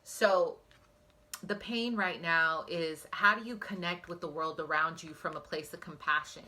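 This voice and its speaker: A woman's voice: fairly low pitch, steady tone, unhurried, pushed and bright. A woman giving a pick-a-card psychic reading on her phone, talking earnestly and emotionally straight to her viewers. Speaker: psychic tarot reader.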